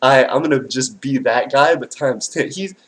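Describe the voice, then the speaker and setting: A man hosting a live stream, reacting with animated, slangy, excitable chatter and reading out viewer comments. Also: mid-range voice, normal speed, rough recording. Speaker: livestream host.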